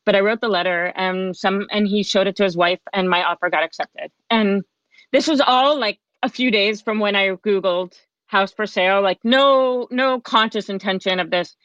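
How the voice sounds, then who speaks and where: Animated woman telling a story. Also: medium pitch, normal speed, dry recording, dull audio. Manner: lively, animated storyteller who acts out quoted speech. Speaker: guest, life coach. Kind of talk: storytelling interview.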